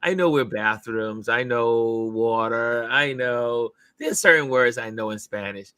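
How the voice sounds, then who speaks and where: A man's voice: medium pitch, unhurried, bright, forceful tone, clean tone, no room sound. A man hosting a casual live stream, upbeat and chatty, laughing often as he greets viewers over a video call setup. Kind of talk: casual chat.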